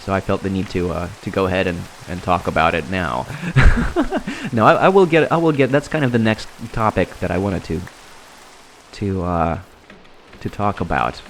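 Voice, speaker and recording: A man giving casual, rambling commentary while playing a game, halting and restarting his sentences often. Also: low-pitched, sing-song, a little hiss or hum. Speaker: gameplay commentator.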